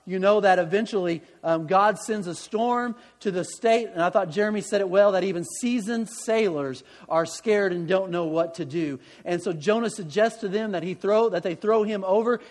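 High-pitched guy preaching, chatty and self-deprecating, lots of restarts, echoey church hall. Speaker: pastor. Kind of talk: sermon.

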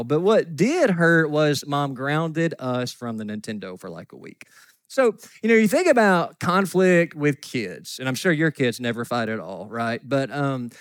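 A man's voice: medium pitch, dry recording. A man in his forties preaching a sermon in a church, folksy and joking as he tells stories. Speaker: pastor. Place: church sanctuary.

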